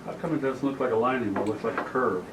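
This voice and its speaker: A man's voice: mid-range voice, very fast. Curious man asking short questions. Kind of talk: casual group discussion. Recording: noisy room recording.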